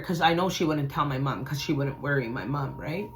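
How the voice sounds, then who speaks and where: A woman's voice: a bass voice, a little fast. A woman hosting a spiritual channel, telling a personal story in a loose, conversational way and acting out the voices of the people in it. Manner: animated retelling, acts out quoted voices.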